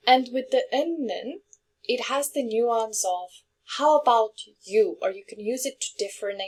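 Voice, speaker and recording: A woman teaching a language lesson, explaining grammar patiently with example sentences and checking in with her listeners. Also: a little high. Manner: clear, patient, checks in with "okay?" and "yeah?"; reads example sentences quickly, translates slowly.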